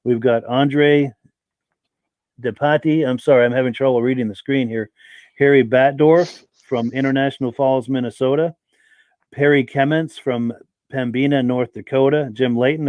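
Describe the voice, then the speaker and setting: A man's voice: medium pitch, a little mellow, dry recording. A man hosting a live-stream podcast who chats in a friendly way and welcomes viewers by name. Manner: reads viewer names aloud, friendly and welcoming. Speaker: podcast host.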